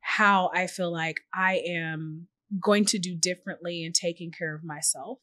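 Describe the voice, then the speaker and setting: A woman guest on a podcast, talking earnestly and reflectively with lively quoted asides. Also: lowish voice, unhurried, no room sound. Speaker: podcast guest, tech journalist and founder. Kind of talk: reflective conversational interview.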